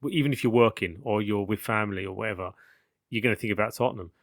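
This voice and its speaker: A man's voice: lowish voice, fast, no echo. A man in casual podcast chat, joking and bantering as a guest. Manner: jokey, banters and calls people mate.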